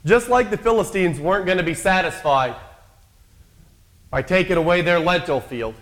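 Man preaching, fairly high voice. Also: normal speed, fairly bright tone. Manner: storytelling with acted-out quotes, conversational. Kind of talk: sermon.

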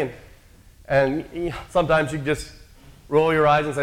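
A man's voice: fairly high pitch, fairly even intonation, moderate pace, long pauses. A man preaching a sermon in a conversational, storytelling way, acting out quotes from the characters he describes.

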